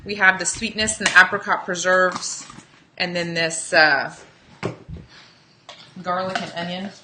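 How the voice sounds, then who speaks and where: A woman's voice: on the low side, steady tone, a little slow. Woman, cooking show host, chatty, talks to live viewers, echoey kitchen, faint background noise. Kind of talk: casual live cooking demo.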